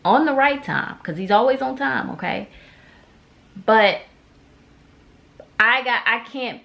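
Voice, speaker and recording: A woman's voice: fairly high pitch, expressive, slow, gravelly, lo-fi sound. A woman esthetician vlogging casually to her viewers, chatty, often turning to them with "okay?" and "y'all". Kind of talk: casual talk to camera.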